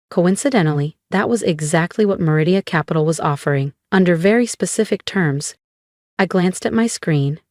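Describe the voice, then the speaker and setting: A woman narrating a scripted first-person story in a calm, measured way. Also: lowish voice, no room sound, studio quality.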